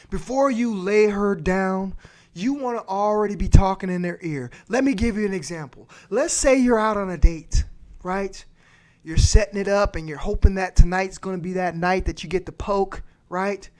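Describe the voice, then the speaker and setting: A man's voice: sits high, a little mellow. A man hosting a livestream, giving blunt, crude advice and repeating his points for emphasis. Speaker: livestream host. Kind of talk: profane advice rant.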